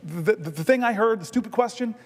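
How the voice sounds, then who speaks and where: A man's voice: high voice, expressive, brisk. A man, a senator holding the floor, telling a personal story with self-deprecating humor in an extemporaneous floor speech in a large legislative chamber. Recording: long chamber reverb.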